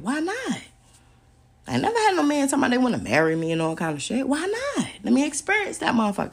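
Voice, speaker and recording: A young adult woman hosting a podcast, talking in a blunt, profane, animated way and laughing often as she rants. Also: medium pitch. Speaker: podcast host. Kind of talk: casual podcast rant.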